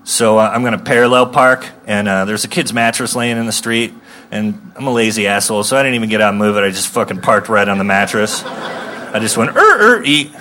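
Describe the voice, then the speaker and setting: A man in his thirties doing a stand-up routine, swearing freely and rambling through a story, bursting into shouts now and then. His voice sits fairly low but has a bright, forceful edge. Faint noise runs behind him. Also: flat delivery, brisk. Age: 30s. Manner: profane, rambling storytelling with sudden shouted outbursts. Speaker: stand-up comedian.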